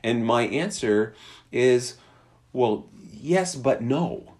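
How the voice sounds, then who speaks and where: A man's voice: medium pitch, lively intonation, drawn-out words, a little mellow. A man preaching a sermon in a conversational way, acting out quoted lines. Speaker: pastor.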